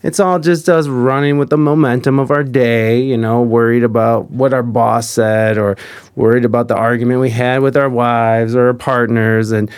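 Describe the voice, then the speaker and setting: A man's voice: medium pitch, fairly even intonation, moderate pace, clean tone, no room sound, studio quality. A man hosting a casual conversation, earnest, often repeating words and swearing.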